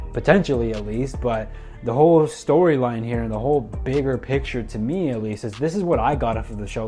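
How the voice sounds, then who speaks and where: A man's voice: mid-range voice, warm tone. A young man casually recapping a wrestling show, rambling with lots of fillers and loosely acting out what the wrestlers said. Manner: rambling, many fillers, acts out quotes loosely.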